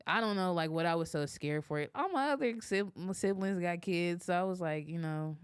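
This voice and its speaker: A young woman in her twenties from Kansas, a photographer guest chatting casually on a podcast, telling animated stories and laughing often. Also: lowish voice, normal speed, clean tone, dry recording, studio quality. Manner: animated storyteller, laughs often, acts out quotes. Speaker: photographer and business owner, guest.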